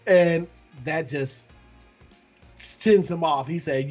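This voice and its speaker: A man's voice: fairly high pitch, takes it slowly, long pauses, darkish tone, soft background music. A man co-hosting a casual movie review podcast, laughing often as he retells scenes. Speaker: podcast co-host.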